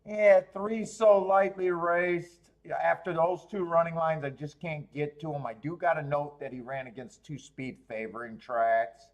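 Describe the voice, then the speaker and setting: A man hosting a horse racing betting livestream, thinking aloud through the odds and cracking himself up with loud bursts of laughter. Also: fairly high pitch, steady tone, a little slow, hardly any pauses. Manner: thinks aloud, laughs at his own jokes; loud bursts when amused. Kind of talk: casual livestream handicapping commentary.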